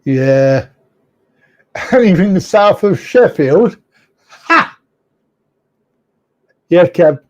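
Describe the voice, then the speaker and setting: Slow and expressive, with long pauses, this live chat show host has a high voice with a dark tone, and the recording is muffled. He reads out viewer comments, teasing them, rambling, chuckling, and correcting himself as he goes.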